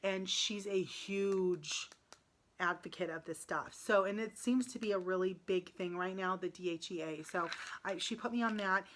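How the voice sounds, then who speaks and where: A woman's voice: mid-range voice, normal speed, a bit bright. A woman in her late thirties talking in a casual personal vlog, upset and close to tears, with frequent ums and restarts. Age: 30s. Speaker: vlogger.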